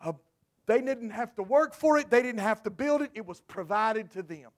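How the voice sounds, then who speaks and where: High-voiced emphatic male preacher. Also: lively intonation, moderate pace. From United States. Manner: emphatic preaching, storytelling with asides. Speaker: pastor. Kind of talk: sermon.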